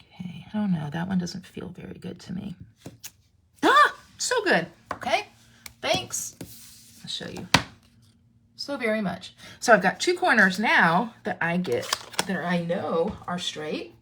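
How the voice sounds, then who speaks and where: A chatty woman walks viewers through a craft project, her pitch swooping up and down as she talks. She breaks off mid-sentence and restarts, answering her audience as she works. A faint hiss sits under her voice. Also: expressive, moderate pace, creaky. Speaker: craft demonstrator. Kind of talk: live crafting tutorial.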